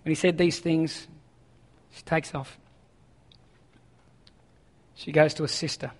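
Male pastor, sermon, high-pitched voice, long reverb from a large hall, moves between reading scripture and pressing paraphrase. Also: fairly even intonation, takes it slowly. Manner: reads scripture aloud, then paraphrases it in an urgent, conversational voice.

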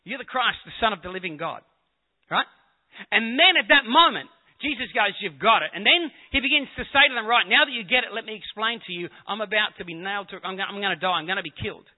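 A man's voice: sits high, expressive, quick pace. Guy pastor preaching, chatty and jokey, sounds like a phone line in a big echoey church. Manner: conversational, joking with the congregation. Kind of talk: sermon. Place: church hall with congregation.

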